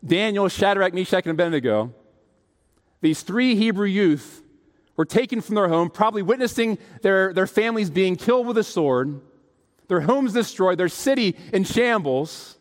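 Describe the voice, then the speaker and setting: Animated preacher in a reverberant hall. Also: male voice, high voice, moderate pace. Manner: animated, acts out quoted voices, laughs at own stories. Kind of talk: sermon with storytelling.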